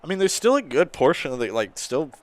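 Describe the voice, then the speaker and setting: A man giving live commentary on his own gameplay, excitable and shouting at his players during big plays. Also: on the high side, brisk. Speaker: gaming channel host.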